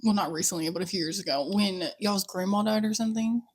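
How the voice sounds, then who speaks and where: A woman's voice: medium pitch, fast, breathy edge. A woman co-hosting a podcast in loose, casual chat. She talks crude and profane and is always joking. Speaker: podcast co-host.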